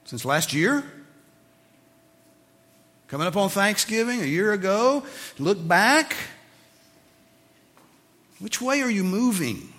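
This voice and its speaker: A pastor delivers a sermon, teaching and building up to emphatic questions for his listeners in an animated way. His high voice is a little slow with frequent pauses, and a long reverb tail trails after it.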